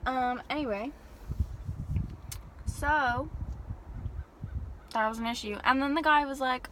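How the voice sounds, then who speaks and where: A young woman telling an animated, exasperated story-time rant from her parked car. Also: high voice, moderate pace, long pauses, background noise. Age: young adult. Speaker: vlogger.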